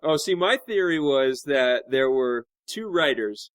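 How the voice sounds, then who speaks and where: A man joining a podcast panel as a guest, telling jokey, animated stories with many fillers. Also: mid-range voice, unhurried, smooth, no room sound. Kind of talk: casual panel discussion.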